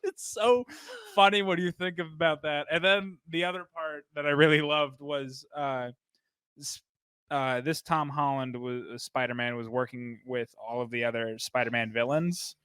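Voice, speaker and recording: Man, bright and a touch high, lively storyteller, dry close sound. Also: clean tone, dry recording. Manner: animated storytelling with quick acted-out voices. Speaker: podcast guest. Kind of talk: casual chat.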